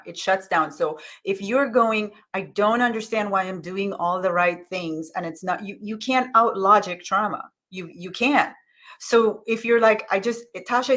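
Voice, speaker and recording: A middle-aged woman giving a motivational coaching talk, emphatic and animated, repeating phrases for effect. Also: medium pitch. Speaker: money mindset coach.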